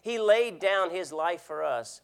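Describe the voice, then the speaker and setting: A man's voice: sits high, animated, unhurried, gravelly, smooth. A man preaching a sermon as an elder, earnest, repeating words and asking the congregation questions. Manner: swings between loud emphasis and quiet drops.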